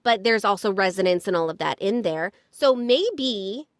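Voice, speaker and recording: Mulher animada apresentando podcast. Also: female voice, medium pitch, expressive, moderate pace, no echo, clean studio sound. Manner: upbeat, encouraging, many fillers. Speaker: podcast host. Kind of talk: casual chat.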